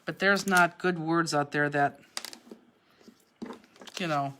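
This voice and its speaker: A woman's voice: sits low, takes it slowly, noisy background. Chatty woman teaching a craft class. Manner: chatty, step-by-step instructions. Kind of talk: live online craft tutorial.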